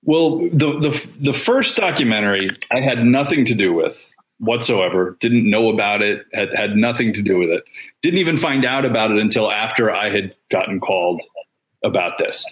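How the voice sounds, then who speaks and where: A man guest on a radio show, explaining how a documentary came together in a measured way. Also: on the low side, animated, a bit bright. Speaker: guest, film producer. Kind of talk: radio interview answer.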